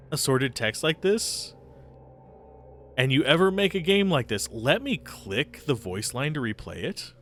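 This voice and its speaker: A let's play streamer with a fairly bright, somewhat high male voice chats casually through a role-playing game. He reads the on-screen text aloud and calls out tactical moves for his party.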